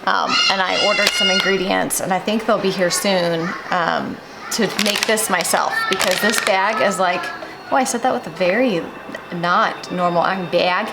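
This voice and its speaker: A chatty woman hosts a home vlog, rambling to the camera with plenty of "um" and "like." Her voice sits at an ordinary middle pitch. A steady hiss runs under the recording. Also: moderate pace. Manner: chatty, rambling, many fillers. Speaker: vlog host. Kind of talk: casual chat to camera. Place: at home, in and out of doors.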